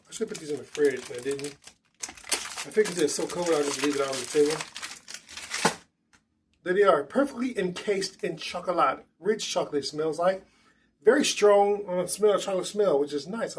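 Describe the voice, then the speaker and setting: Chatty male snack vlogger, higher voice. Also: moderate pace, background noise. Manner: chatty, animated, addresses viewers as guys. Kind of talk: casual snack review vlog.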